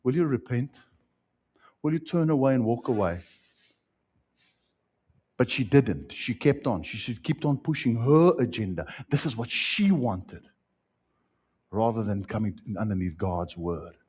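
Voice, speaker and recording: A man with a South African accent preaching a sermon to his congregation, swinging between loud rising lines and soft dropped asides. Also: medium pitch, lively intonation, a little slow, long pauses, husky, muffled recording. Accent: South African English. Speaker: pastor.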